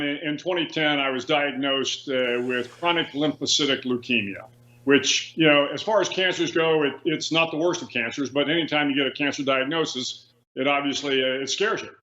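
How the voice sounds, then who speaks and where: A man in his sixties, a retired admiral, telling stories as a guest in a measured way with frequent restarts, heard over a remote line. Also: fairly high pitch, bright, forceful tone. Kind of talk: remote interview. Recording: echoey, dull remote line.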